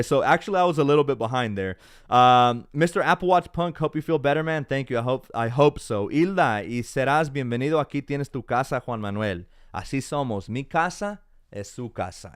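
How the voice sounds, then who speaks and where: A man's voice: mid-range voice, clean tone, no echo. Young male live-stream host, unwell but upbeat, casual chat, dry close sound. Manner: chatty, upbeat, mixes in Spanish. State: feeling unwell. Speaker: tech YouTuber hosting a live stream.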